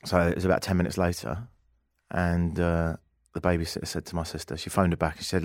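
A man hosting a radio talk show, telling a story in a casual, animated way and acting out the people in it. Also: low voice, quick pace, no room sound, clean studio sound. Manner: animated storyteller, acts out quoted voices. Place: radio studio.

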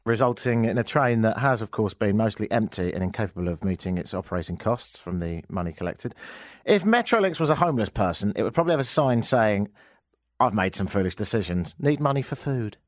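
A man's voice: fairly low pitch, animated, quick pace, no room sound, clean studio sound. A man with an English accent hosting a radio talk show, ranting with sarcastic, joking asides.

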